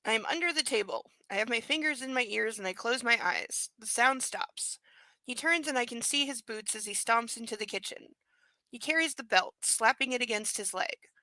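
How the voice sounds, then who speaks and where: A woman's voice: fairly high pitch, normal speed, pushed and bright, no room sound, rough recording. A woman live-streaming a book reading at home, mixing blunt, sarcastic commentary with cooing baby talk to her dog.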